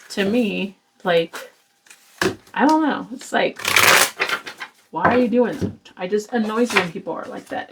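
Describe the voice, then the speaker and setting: A woman's voice: mid-range voice, very noisy. A woman giving a casual tarot reading to camera, blunt and exasperated, swearing and lecturing her viewers. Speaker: tarot reader.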